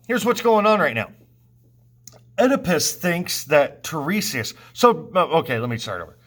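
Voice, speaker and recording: A man's voice: a little high, sing-song, moderate pace, a bit bright. A male teacher explaining a play to his students in a casual, loose way, restarting as he goes. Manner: casual, restarts while summarizing. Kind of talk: recorded lesson, explaining a play.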